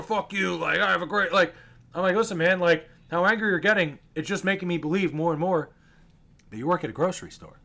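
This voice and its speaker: A man tells his stories to the camera in a high, bright voice. He is casual and animated, swears freely and mimics the people he ran into. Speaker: vlogger telling fan stories.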